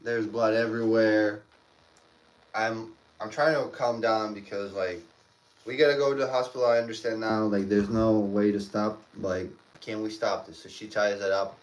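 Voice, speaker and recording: A man's voice: fairly low pitch, steady tone, moderate pace. A man, a father rambling through stories on a casual livestream, with many restarts. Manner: rambling, restarts a lot, emotional storytelling. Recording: distant mic with faint room noise.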